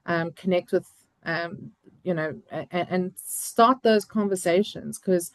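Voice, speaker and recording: Low-voiced woman hosting an online event. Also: dry recording, low-quality recording. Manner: halting, many fillers and restarts. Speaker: event host.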